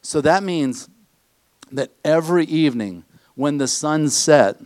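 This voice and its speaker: A man's voice: medium pitch, unhurried, long pauses, a little mellow, no echo. A man preaching a conversational sermon to his congregation in a church, often asking them questions. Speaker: pastor.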